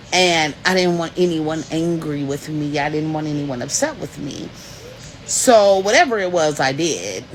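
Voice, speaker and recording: Slow, low-voiced woman podcast host. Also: a little hiss or hum, poor audio. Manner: emphatic, repeats lines for emphasis; addresses listener as "baby". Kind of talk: personal motivational monologue.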